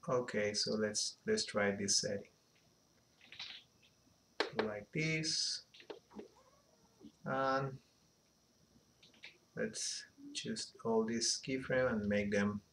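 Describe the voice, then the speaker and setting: A man giving an unhurried animation software tutorial, thinking aloud as he works, with a slight phrasing. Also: lowish voice, vocal fry, slight background noise. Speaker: animation instructor. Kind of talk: screen-recorded software tutorial.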